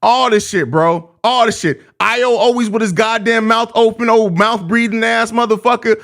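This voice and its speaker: A man's voice: high-pitched, steady tone, normal speed, a bit bright. A young man hosting a live postgame stream, ranting in exasperated, profane slang about his team's loss. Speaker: host of a live postgame show.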